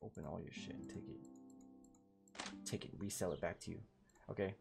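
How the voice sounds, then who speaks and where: A man with a gravelly, creaky voice jokes and swears casually as he plays through a game. His delivery is relaxed and offhand. Faint game music runs underneath. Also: low voice, fairly quick. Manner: profane, joking, laid-back. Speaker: game streamer. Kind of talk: casual gameplay commentary.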